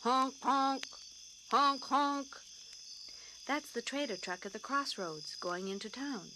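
Woman reading as a calm, easygoing busy man. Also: mid-range voice, normal speed, background noise, natural voice. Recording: crickets chirping behind.

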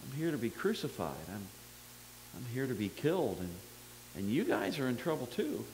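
A man preaching, voicing a calm, firm male teacher figure who speaks in an earnest, matter-of-fact way. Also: medium pitch, moderate pace, in a large hall, a little hiss or hum, poor audio.

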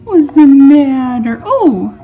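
A woman cooing at a baby doll in a high, very slow voice, soothing it like a mother. Her pitch swings up and down with each sympathetic word. Faint music plays behind her. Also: sing-song, phone-quality sound. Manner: cooing, soothing mommy talk. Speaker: toy reviewer. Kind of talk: doll play and unboxing.

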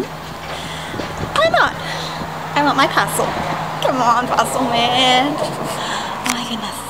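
An Australian woman filming a casual unboxing vlog at home, gushing with excitement, gasping and squealing as she talks to a handheld camera. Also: fairly high pitch. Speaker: vlogger. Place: at home, partly outdoors by the driveway. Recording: noisy home camera recording.

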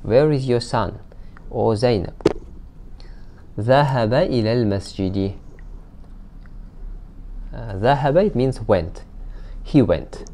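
Mellow-voiced man teaching a language. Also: medium pitch, slight background noise. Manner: reads each Arabic sentence, then translates it slowly with hesitant fillers. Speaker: Arabic teacher. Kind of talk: recorded language lesson.

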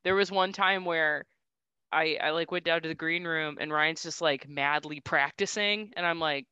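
A woman co-hosting a podcast, chatting casually with quick, swearing reactions. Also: low voice, fairly even intonation, sharp tone, clear, resonant tone, no room sound, muffled recording.

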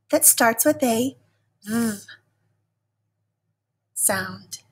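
A woman teacher giving a recorded lesson to young children, speaking in a slow, patient and encouraging way. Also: on the high side, expressive, husky.

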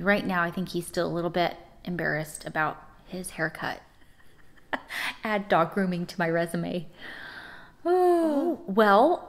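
A middle-aged woman chatting casually to camera at home as a vlogger, talkative and quick to break into laughter. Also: medium pitch.

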